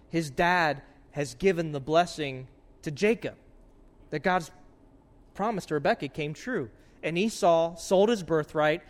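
A man preaching a sermon as pastor, earnest, swinging between loud urgency and hushed warnings. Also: fairly high pitch.

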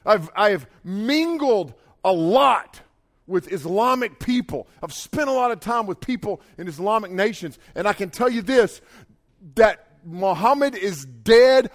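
Animated preacher, high voice. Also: male voice. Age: middle-aged. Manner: animated, shouting dramatic quotes, conversational asides. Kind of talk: sermon.

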